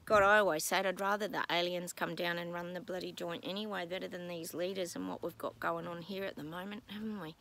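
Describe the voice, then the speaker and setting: A woman's voice: lowish voice, fairly even intonation, a little fast, gravelly, hardly any pauses, fairly bright tone, slight background noise, rough recording. A woman psychic talking in a casual vlog from home, rambling and exasperated, breaking off with apologetic asides. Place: at home with her dogs.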